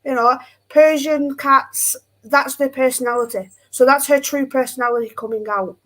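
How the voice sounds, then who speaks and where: A woman's voice: sits high, steady tone, moderate pace, a bit bright. A woman guest chatting casually on a video call, hedging often with filler phrases.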